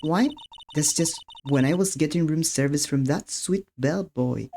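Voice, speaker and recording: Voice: unhurried, dark tone, lightly acted. A streamer voicing a sly, dramatic young woman witness, acting coy and theatrical while reading game dialogue aloud, with faint game music behind. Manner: coy and theatrical, turning shrill when cornered.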